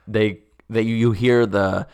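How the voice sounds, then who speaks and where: Low gravelly man chiming in. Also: fairly even intonation, measured pace, a little mellow. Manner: chimes in with short agreements and laughs. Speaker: podcast co-host. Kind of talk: casual chat.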